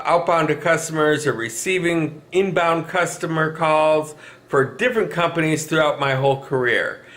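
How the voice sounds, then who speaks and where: A man's voice: on the high side, a bit bright. A man vlogging from his couch at home in a chatty way, laughing often. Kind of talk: casual talk to camera.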